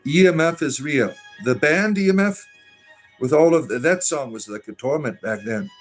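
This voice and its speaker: Hosting a livestream with faint music behind him, a Southern US man reads chat comments aloud, rambling and hesitating with plenty of uh's and restarts. His voice is on the high side with lively intonation and a moderate pace, and his replies are sarcastic and defiant.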